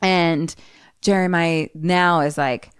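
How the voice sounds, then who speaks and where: Smooth-voiced woman retelling a film. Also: fairly low pitch, takes it slowly, dry recording, studio quality. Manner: animated storyteller acting out characters, swears freely. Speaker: podcast co-host. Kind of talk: casual chat, retelling a film.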